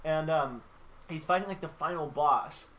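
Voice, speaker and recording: A man's voice: a little high, moderate pace, fairly bright tone, low-quality recording. A man with a slightly raised voice tells a long game story in loose, casual chat, full of "like" and "um." He talks over a home mic, with a faint hiss of noise behind him. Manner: rambling, filler-heavy storytelling, acts out orc lines. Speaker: podcast host. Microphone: home mic on a live stream call.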